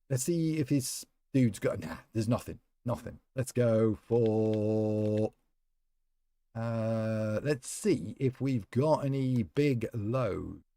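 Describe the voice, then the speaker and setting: Playing a game on a live stream, a man chats in a rambling, easygoing way and addresses viewers by name. His voice is medium-pitched and dark, recorded with no room sound.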